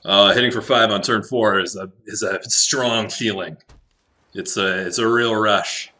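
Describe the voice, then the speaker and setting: Slow-talking man commentating his card game. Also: fairly low pitch, fairly even intonation, pushed and bright. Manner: thinks aloud with frequent laughs and swearing. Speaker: Magic Arena drafter, channel host. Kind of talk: casual gameplay commentary.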